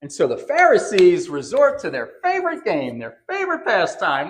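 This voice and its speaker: A man's voice: high-pitched, wildly swooping pitch, normal speed, slight background noise. A male pastor preaching a sermon in a church, with a conversational but emphatic delivery that leans on repeated phrases. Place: church sanctuary.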